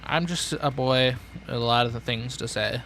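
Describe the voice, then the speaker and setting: A man's voice: medium pitch, normal speed, creaky, fairly bright tone, a little hiss or hum. A young man streaming a building game, rambling sardonically and talking to himself. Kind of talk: casual gameplay chatter.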